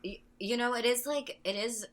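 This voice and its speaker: A woman co-hosting a casual podcast, chiming in with agreeable, animated comments. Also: a little high, normal speed. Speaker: podcast co-host. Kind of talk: casual chat.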